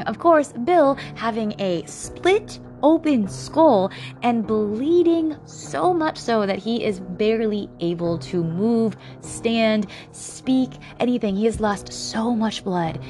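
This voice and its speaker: A woman's voice: on the high side, very animated, measured pace, faint music behind. A woman narrating a true-crime podcast, emotional and blunt, swearing freely as she tells the story. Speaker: podcast host.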